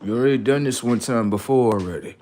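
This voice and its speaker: A man's voice: medium pitch, a little mellow, slight background noise. A man hosting a livestream, preaching in a confrontational way with rhetorical questions and street slang. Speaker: livestream host.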